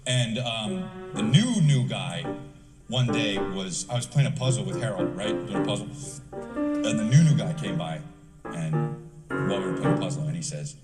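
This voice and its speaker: A man's voice: fairly low pitch, big pitch swings, moderate pace, pauses often. A man doing a stand-up routine, telling a profane story animatedly and acting out voices. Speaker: stand-up comedian. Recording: echoey theater from far off with loud music.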